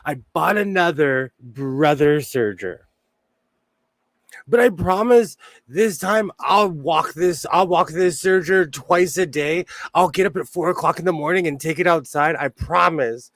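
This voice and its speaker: Upbeat high-voiced man chatting on a livestream. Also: measured pace, fairly bright tone, dry recording. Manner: chatty, jokey, laughs often while greeting viewers. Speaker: sewing livestream host. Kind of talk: casual livestream chat.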